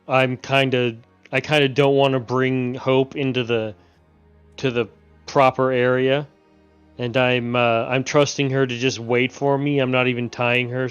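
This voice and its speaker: A man talks through his character's moves in a tabletop game, hesitant and thinking aloud. His voice is smooth and clear, and it sounds close and dry, with faint music behind. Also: medium pitch, dry recording, lo-fi sound. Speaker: player. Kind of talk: casual tabletop play.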